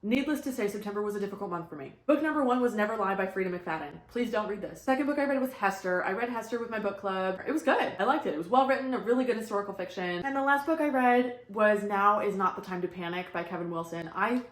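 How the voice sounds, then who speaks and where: A young woman giving casual, blunt book reviews in a vlog, upbeat with quick asides. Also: mid-range voice, expressive. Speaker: book vlogger. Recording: echoey room.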